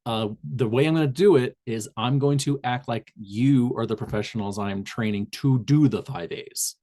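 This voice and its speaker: A man from Southern Indiana who trains in public health presents a video call webinar in a mellow, mid-range voice at a moderate pace. His talk is loose, packed with fillers and restarts.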